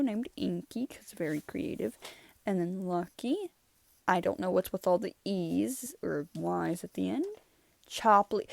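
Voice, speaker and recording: A woman's voice: on the low side, gravelly, no room sound. Casting: young woman, chatty rambling host, dry close sound, laughs easily. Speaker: channel host. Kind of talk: casual art review chat.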